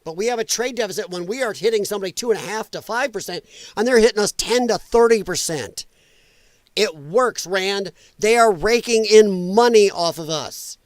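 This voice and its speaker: A man's voice: sits high, moderate pace, dry recording. Fired-up man ranting on a livestream. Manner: heated, profane ranting. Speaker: livestream host. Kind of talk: political commentary livestream.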